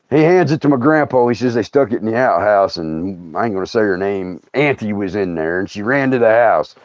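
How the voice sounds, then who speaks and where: A man's voice: fairly low pitch, animated, moderate pace, no room sound, dull audio. Folksy man telling a laughing tale. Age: middle-aged. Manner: folksy, laughing often, acting out relatives' lines. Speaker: storyteller host. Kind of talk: comic storytelling livestream.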